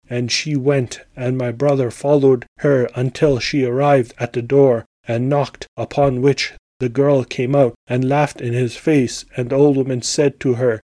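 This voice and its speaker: A man hosting a podcast, reading an old tale aloud in steady, measured storytelling. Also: mid-range voice, no echo. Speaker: podcast host and reader.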